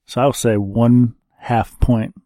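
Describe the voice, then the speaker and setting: A man co-hosting a podcast in casual chat, taking his time and teasing with a dry, drawn-out delivery. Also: mid-range voice, little pitch movement, mellow, dry recording. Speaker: podcast co-host.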